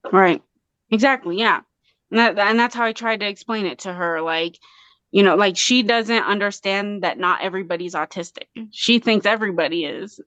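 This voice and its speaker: Earnest woman from Colorado, smooth voice. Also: mid-range voice, moderate pace, fairly bright tone, dry recording, dull audio. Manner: earnest, impassioned, many restarts. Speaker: guest artist and mother. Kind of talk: casual interview talk.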